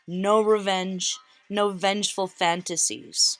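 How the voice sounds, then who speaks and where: A woman's voice: on the low side, fairly even intonation, measured pace, soft background music. A woman giving a tarot reading in an earnest, emotional way, close to tears. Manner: earnest, emotional, repeats phrases for emphasis. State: near tears. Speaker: tarot reader.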